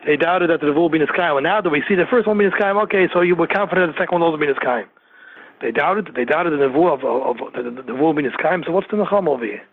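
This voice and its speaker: A man's voice: a little high, rapid-fire, breathy edge, no echo. A man giving a Torah sermon, repeating phrases and firing off rhetorical questions. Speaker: Torah teacher. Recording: narrow phone-like radio sound.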